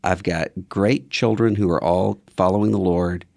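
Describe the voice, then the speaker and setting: An older man, a podcast guest, telling stories in a thoughtful, measured way. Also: deep voice, steady tone, creaky, darkish tone, dry recording, clean studio sound. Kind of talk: casual conversation.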